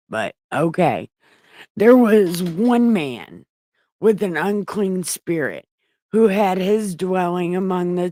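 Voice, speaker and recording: Slow, irreverent woman reading scripture. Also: on the low side, dark tone, no room sound. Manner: irreverent, swears while paraphrasing; rambling, self-correcting, talks to an empty chat. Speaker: livestream Bible reader. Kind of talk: casual live Bible reading with chatty asides.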